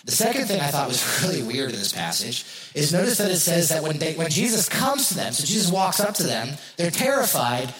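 A man's voice: fairly high pitch, very animated, fairly quick, fairly bright tone, slight background noise. A man preaching a sermon as pastor, talking casually to his congregation, asking rhetorical questions and repeating key phrases for emphasis. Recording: roomy echo.

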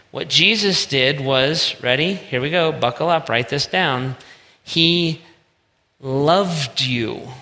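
A man's voice: on the high side, sharp tone. Man preaching in a reverberant hall. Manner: conversational preaching with emphatic asides. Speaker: pastor. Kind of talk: sermon.

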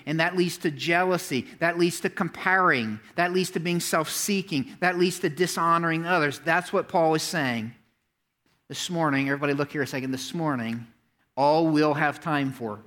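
A middle-aged man preaching a sermon to his church congregation, animated and talking straight to the room, at times rising to near-shouts. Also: a little high. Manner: talks directly to the congregation, asks for hands and notes. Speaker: pastor. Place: church sanctuary before a congregation.

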